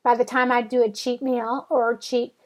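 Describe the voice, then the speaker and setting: Chatty high-voiced woman vlogger. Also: little pitch movement, moderate pace. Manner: chatty, rambling, self-mocking. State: back pain. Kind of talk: casual storytelling vlog.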